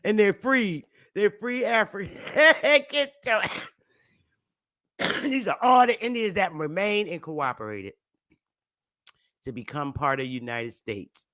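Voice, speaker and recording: A woman's voice: mid-range voice, animated, takes it slowly, pauses often, a bit bright. A woman hosting a casual livestream, talking loosely and profanely and laughing often as she goes. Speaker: livestream host.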